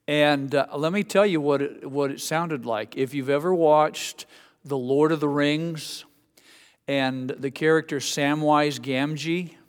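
A man's voice: fairly high pitch, smooth, big-room sound. A middle-aged male pastor giving a sermon in a church, conversational and self-deprecating, often restarting his sentences. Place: church sanctuary. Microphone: amplified microphone.

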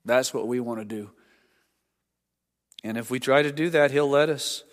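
Earnest pastor in a reverberant hall. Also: male voice, medium pitch, normal speed. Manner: earnest, drops to a hush at key lines. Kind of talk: sermon and closing prayer. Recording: long reverb of a church hall.

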